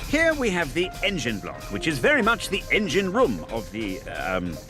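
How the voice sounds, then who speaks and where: An actor playing a fussy, pompous professor in a cartoon, prim and exasperated. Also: male voice, on the high side, wildly swooping pitch, moderate pace. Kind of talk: animated ad voice acting. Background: music.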